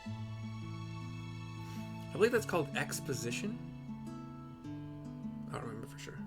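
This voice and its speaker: A man's voice: a little high, very animated, unhurried, long pauses. A man casually narrating and describing a game story, with chatty muttered asides. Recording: game music underneath.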